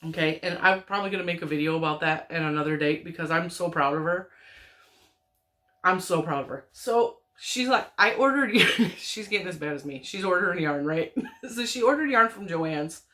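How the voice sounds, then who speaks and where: A woman's voice: on the low side, moderate pace. A woman crochet vlogger, perhaps in her thirties, chatting at home in a rambling, giggly way as she tells family stories. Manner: rambling, giggly, animated retelling with frequent laughs. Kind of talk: casual chatty storytelling.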